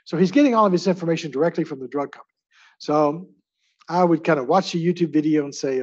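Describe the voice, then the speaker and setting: A man's voice: a little high, fast, slightly rough, highs cut off. A man lecturing on drugs to a live class in a chatty way, asking the audience to vote by raising their hands. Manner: chatty, asks the audience for hand votes. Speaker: pharmacy lecturer.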